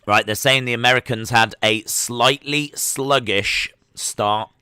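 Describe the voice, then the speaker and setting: Male streamer, sports reactions, clear and dry. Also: mid-range voice, measured pace, no room sound. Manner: chatty, excitable, with frequent fillers. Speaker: livestream host. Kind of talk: live sports watch-along commentary.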